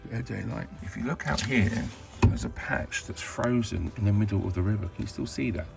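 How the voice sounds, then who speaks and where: A man's voice: fairly low pitch, brisk, creaky, music in the background. A British man chatting casually to camera in a cheeky way, laughing often and swearing mildly as he vlogs about life on his boat. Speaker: narrowboat vlogger. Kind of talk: casual vlog chat.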